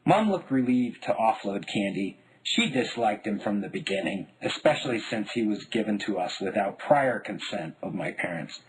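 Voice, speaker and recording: A man from Denver narrating his own memoir in a wry, deadpan voice. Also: lowish voice, normal speed, few pauses, rough recording. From Denver, United States. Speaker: memoir author.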